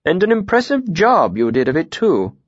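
A man reading an audiobook, voicing a shrewd, imperious nobleman with a measured, courtly, commanding manner. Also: a little high, huge pitch swings, slightly rough, no echo, lo-fi sound, voice pushed up, exaggerated voice. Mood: probing.

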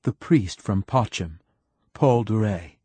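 A man voicing a calm aide quietly reporting news to a leader in an audiobook. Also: lowish voice, takes it slowly, slightly rough, no room sound, heavily acted.

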